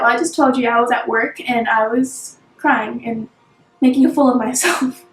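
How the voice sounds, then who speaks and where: A woman's voice: fairly high pitch, fairly even intonation, moderate pace, roomy sound, faint music behind, rough recording. A young woman vlogging in a bubbly, rambling way, full of fillers. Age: young adult. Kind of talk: casual chat to camera.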